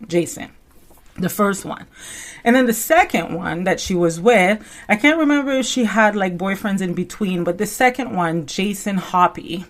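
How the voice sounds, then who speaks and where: Rambling, chatty woman commentator. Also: mid-range voice. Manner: rambling and conversational, full of "you know" and "like"; animated storyteller who acts out quotes. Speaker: reality TV commentary host. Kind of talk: casual unscripted commentary.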